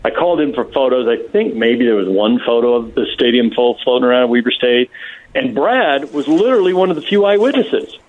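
Animated man telling a story by phone. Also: mid-range voice, a little fast. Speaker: radio show guest on phone. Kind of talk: casual storytelling. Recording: tinny phone line.

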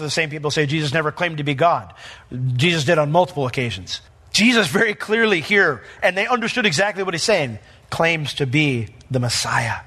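Bright-voiced emphatic male pastor. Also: a little high, breathy edge. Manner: emphatic, animated, acts out quotes. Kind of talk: verse-by-verse sermon.

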